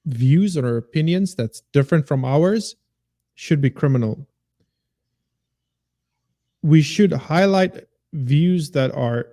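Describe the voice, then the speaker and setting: A man's voice: a little high, mellow. A man who teaches, a guest on a casual podcast, making his points with emphatic repetition and a preachy tone.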